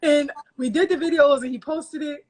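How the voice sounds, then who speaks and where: A woman poet, a guest in an interview, telling her own story in a casual, lively, self-mocking way. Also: high voice, moderate pace. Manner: lively, self-mocking, slips into quoted voices.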